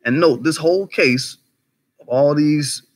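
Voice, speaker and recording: Profane, animated male livestream commentator. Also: a little high, unhurried. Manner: animated, conversational, profane, rhetorical questions; greets live chat viewers by name mid-talk. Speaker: commentary channel host.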